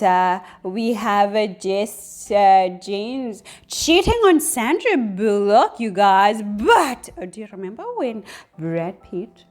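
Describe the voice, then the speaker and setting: Slow, rambling woman vlogger. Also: mid-range voice. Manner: rambling, full of fillers and rhetorical asides. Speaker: astrology channel host. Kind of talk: casual unscripted video monologue.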